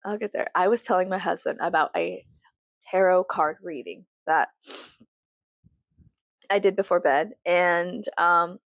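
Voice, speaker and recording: A woman's voice: lowish voice, a little slow, gravelly, pauses often, dry recording, dull audio. A woman with a Southern US accent, rambling casually to her viewers in a profane, self-mocking way and laughing often. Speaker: YouTuber.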